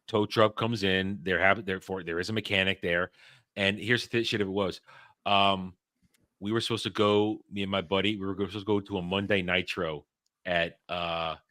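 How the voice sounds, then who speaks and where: A man casually telling a story as a podcast host, profane and animated, with frequent restarts. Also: deep voice, moderate pace, no echo.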